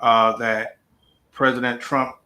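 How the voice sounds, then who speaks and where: A man hosting a podcast panel, giving his view in measured terms and handing the floor to others. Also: mid-range voice, level tone, background noise. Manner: measured, directs the discussion. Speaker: podcast host. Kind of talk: panel discussion moderating.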